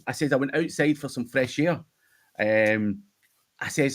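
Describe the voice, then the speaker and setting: A man's voice: mid-range voice, unhurried, long pauses. A Scottish man hosting a casual livestream Q&A, telling stories with lots of swearing and laughter. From United Kingdom. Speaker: host.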